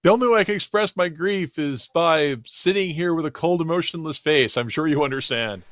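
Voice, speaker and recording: A man's voice: fairly high pitch, a little fast, a bit bright, voice pushed up, natural voice. A man voicing a timid male insectoid alien who moves boxes, with a meek, plaintive and hesitant way of talking.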